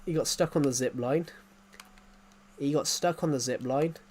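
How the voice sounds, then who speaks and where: A man's voice: on the high side, normal speed, darkish tone, a little hiss or hum. Rambling streamer guy. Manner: rambling, repeats phrases, frequent chuckles. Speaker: game streamer. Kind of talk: casual live-stream chatter.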